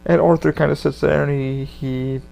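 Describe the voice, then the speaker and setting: Podcast host, male, raised pitch, very gravelly; loose, rambling, swearing delivery. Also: steady tone, moderate pace, a little mellow. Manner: rambling, profane, full of fillers. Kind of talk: casual rambling monologue.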